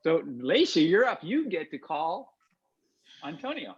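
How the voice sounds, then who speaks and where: A man's voice: on the high side, very animated, unhurried, breathy edge, highs cut off. A man leading a networking meeting, upbeat and encouraging, repeating points for emphasis. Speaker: networking group facilitator. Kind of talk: coaching a group meeting.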